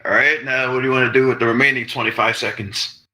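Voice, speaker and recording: A man's voice: medium pitch, fairly even intonation, fast, pushed and bright, poor audio. A man hosting a game show in a playful, teasing way. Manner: joking, teasing contestants.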